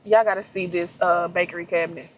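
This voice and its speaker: A woman's voice: on the low side, steady tone, quick pace, highs cut off, a little hiss or hum. Woman, casual travel vlog, talks to herself, emotional and chatty. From Louisiana, US. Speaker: vlogger. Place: in a car and a restaurant.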